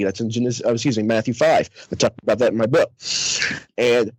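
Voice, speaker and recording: A man's voice: mid-range voice, fast, darkish tone, no room sound, rough recording. A young man, author and outdoors radio host, talking emphatically and preachily in a podcast discussion.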